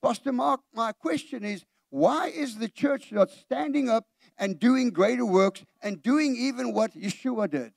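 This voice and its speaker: A man's voice: extremely high pitch, unhurried, creaky, darkish tone, dry recording, studio quality. A middle-aged man preaching a sermon in a church. He preaches with animation, puts questions straight to the congregation and acts out the voices he quotes. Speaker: pastor.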